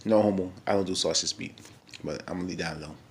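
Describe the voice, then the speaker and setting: A man's voice: low voice, quick pace, a little hiss or hum. A young man giving a casual, chatty recap of a reality show episode, full of fillers and acted-out quotes.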